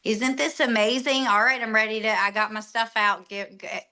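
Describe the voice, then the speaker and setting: Upbeat woman sales trainer, bright voice. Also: fairly high pitch, moderate pace. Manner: emphatic, animated, acts out quotes. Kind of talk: enthusiastic coaching talk.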